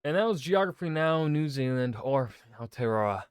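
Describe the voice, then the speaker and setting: A man's voice: mid-range voice, expressive, normal speed, clear, resonant tone, no echo. Chatty man reacting to a video. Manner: chatty, rambling, laughs often. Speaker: reaction channel host. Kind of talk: casual reaction commentary.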